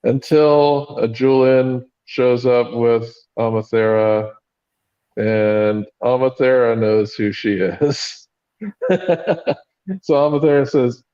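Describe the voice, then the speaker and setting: A man's voice: mid-range voice, slow, dark tone, clean tone, lo-fi sound. A man co-hosting a podcast, recapping a book in casual chat with many fillers and frequent laughs. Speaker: podcast co-host.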